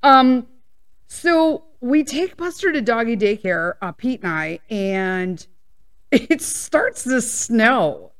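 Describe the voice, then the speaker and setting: A woman, hosting a casual personal podcast chat, rambling and laughing and sometimes getting loud. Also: fairly high pitch, sing-song, slow, smooth. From Midwest US. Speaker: podcast host.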